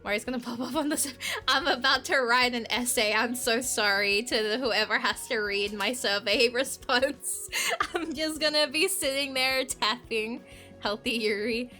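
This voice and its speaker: A woman's voice: a little high, moderate pace, pushed and bright, soft background music. A young woman streaming a game, gushing and rambling with many filler words as she comments and reads aloud.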